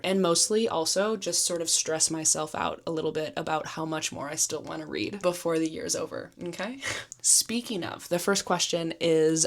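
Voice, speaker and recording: A young woman hosting a book vlog, chatting casually to camera, gushing about her reading and laughing often. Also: fairly low pitch. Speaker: book vlogger.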